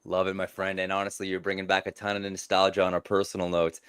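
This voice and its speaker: Man, panel host, upbeat and effusive, low-ish voice, dry close recording. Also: completely flat delivery, fast, a bit bright, clear, resonant tone, no echo. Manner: enthusiastic, effusive welcomes. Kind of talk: hosting a panel discussion.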